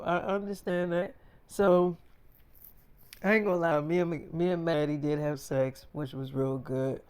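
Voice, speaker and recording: A man's voice: fairly high pitch, steady tone, unhurried, a little mellow, clean tone. A man telling a story in a casual freestyle, slangy and boastful, looping back with repeated phrases.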